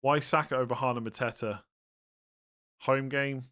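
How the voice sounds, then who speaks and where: A man's voice: medium pitch, fairly even intonation, normal speed, fairly bright tone. Tired male streamer reading out and answering viewer questions, casual and meandering. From England. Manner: chatty, rambling, self-interrupting, tired and yawning.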